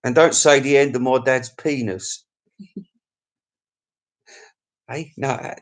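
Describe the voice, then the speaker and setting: A man's voice: mid-range voice, steady tone, slow pace. A man chatting on his own live stream into a desk mic. He rambles cheekily and crudely between viewer comments, laughing often. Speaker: YouTube live-stream host.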